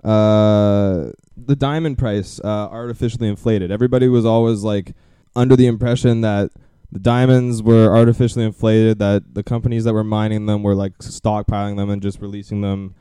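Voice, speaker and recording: Low-voiced rambling male podcast host. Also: fairly even intonation, moderate pace, mellow, clear, resonant tone, no room sound, studio quality. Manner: rambling, many fillers and restarts. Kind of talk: casual chat.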